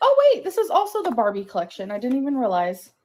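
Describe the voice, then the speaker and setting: A woman's voice: high-pitched, huge pitch swings, quick pace, dark tone. A woman narrating a clothing try-on haul video in a bubbly, gushing way, often calling things cute and saying "like". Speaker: vlogger doing a clothing haul.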